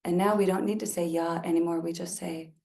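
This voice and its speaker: A woman leading a spiritual service, guiding a chant-based practice in a slow, gentle way. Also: on the low side, fairly even intonation, vocal fry. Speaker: service leader. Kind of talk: guided spiritual practice talk. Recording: roomy sound from a distance.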